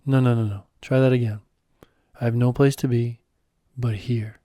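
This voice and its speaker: A man voicing a serene wise mentor, mellow and dry. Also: mid-range voice, steady tone, no room sound, natural voice. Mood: calm. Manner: serene, unhurried, gently teasing. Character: calm wise male mentor and guide.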